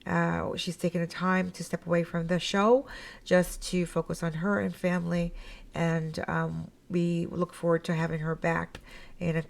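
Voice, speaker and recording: Gravelly-voiced chatty Canadian woman host. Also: fairly low pitch, level tone, normal speed. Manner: chatty, laughs often, many fillers. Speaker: podcast host. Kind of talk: casual podcast chat.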